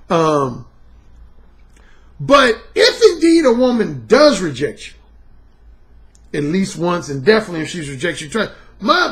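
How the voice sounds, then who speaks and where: On his own podcast, this middle-aged dating coach goes off in a casual monologue that is blunt, emphatic, and full of swearing. He sounds a little high, gravelly, and a bit bright.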